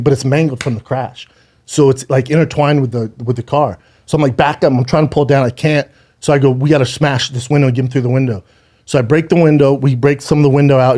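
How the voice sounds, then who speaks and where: A man's voice: mid-range voice, mellow. A man in his thirties telling a harrowing personal story on a podcast, swearing often, stumbling and repeating words, holding back tears. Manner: profane, halting, restarts and repeats words.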